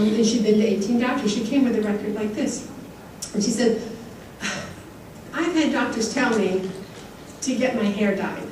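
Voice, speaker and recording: A woman's voice: a little high, a little mellow, a little hiss or hum. A woman giving an earnest conference acceptance speech, telling stories and repeating words for emphasis. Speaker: award recipient giving a speech. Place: large conference hall. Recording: echoey hall, heard from far off.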